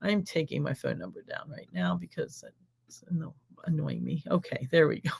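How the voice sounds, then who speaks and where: A woman's voice: deep voice, moderate pace, vocal fry, a little mellow, breathy edge. A middle-aged American woman with an American accent hosts a live stream, chatting exuberantly and rambling through questions and stories. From United States.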